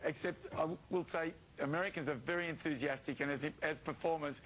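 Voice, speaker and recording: A man's voice: fairly high pitch, brisk, fairly bright tone, slight background noise, low-quality recording. A man, a children's entertainer, chatting cheerfully and jokily in a live TV interview. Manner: cheerful, jokey, laughs often.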